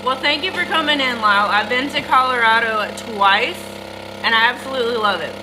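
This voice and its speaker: In a fairly high voice and at a brisk clip, a weary goat farmer with a Southern accent chats on her barn livestream, naming viewers as she greets them mid-chore. She is running low on sleep, and the background is noisy.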